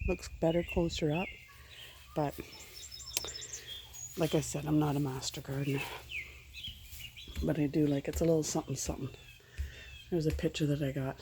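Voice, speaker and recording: A woman's voice: low-pitched, fairly even intonation, moderate pace, long pauses, warm tone, a little hiss or hum. A middle-aged woman chatting casually in a home vlog, rambling and interrupting herself as she walks around her house and garden. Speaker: vlogger. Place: house and garden, moving between indoors and outdoors.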